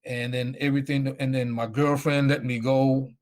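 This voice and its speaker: A man's voice: medium pitch, flat delivery, moderate pace. A middle-aged man telling his story animatedly in a live Q&A, acting out the voices of people he quotes. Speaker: guest speaker.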